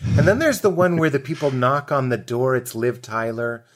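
Appearing as a guest comedian on a podcast, a man with a mid-range voice speaks at normal speed. His casual chat is full of lively stories, acted-out quotes and frequent laughter.

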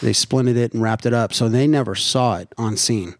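Middle-aged guy from nevada on a podcast, swears a lot, cracks dark jokes, dry close sound. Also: mid-range voice, moderate pace, dry recording. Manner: crude, joking storyteller. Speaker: podcast guest. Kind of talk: casual chat.

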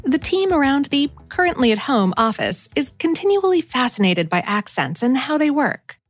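Upbeat high-voiced woman podcast host. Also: big pitch swings, normal speed, soft background music. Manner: upbeat, enthusiastic. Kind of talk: casual scripted intro.

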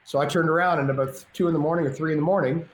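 A middle-aged man telling a story as a podcast guest, animated and self-mocking, acting out the dialogue. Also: a little high, very fast. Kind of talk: storytelling in casual chat. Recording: roomy echo, faint ambience.

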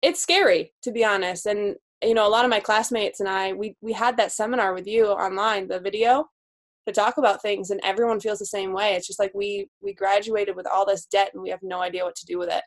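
A woman's voice: mid-range voice, fairly quick. Young woman pt on a podcast, chatty and candid, laughs easy. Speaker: guest, new physical therapist. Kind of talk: casual podcast interview.

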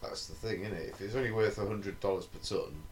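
Low-voiced guy teasing the others on a chatty podcast. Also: fairly quick. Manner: teasing, laughing along. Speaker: podcast co-host. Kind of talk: casual chat.

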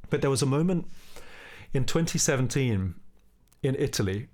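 A young man, a musician guest, telling a story in relaxed conversation and singing short bits of melody as he goes. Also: medium pitch, normal speed. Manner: animated, sings snippets of melody while telling the story.

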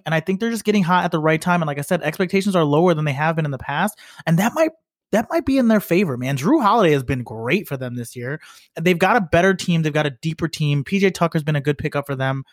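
A man's voice: on the high side, lively intonation, fast talker, no echo, studio quality. A man co-hosting a sports podcast, rambling with lots of fillers and the odd curse. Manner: rambling, filler-heavy, profane. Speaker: podcast co-host. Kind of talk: casual sports chat.

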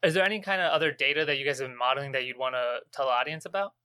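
Fast-talking bright-voiced podcast host. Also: male voice, medium pitch, clean tone, dry recording. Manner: casual, many "like" fillers. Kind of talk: casual podcast conversation.

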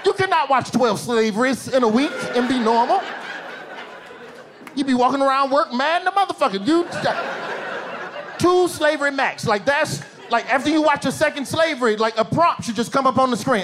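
Man, stand-up comic, high voice, animated, low asides and shouted punchlines, live audience laughing, noisy theater. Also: moderate pace. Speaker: stand-up comedian. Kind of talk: stand-up comedy set. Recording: live show with loud crowd laughter and room noise.

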